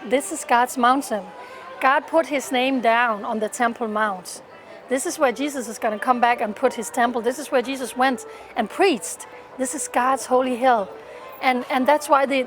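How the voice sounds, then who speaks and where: A woman from Denmark gives an earnest, fervent personal testimony in an interview, often restarting and repeating words. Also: high-pitched. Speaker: interviewee, pro-Israel activist.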